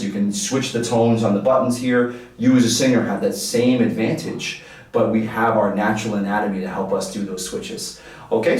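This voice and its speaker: A man teaching a singing lesson, coaching and encouraging the listener through warm-ups. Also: lowish voice. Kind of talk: vocal lesson with demonstrations. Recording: very echoey room, voice from far off the mic. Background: piano.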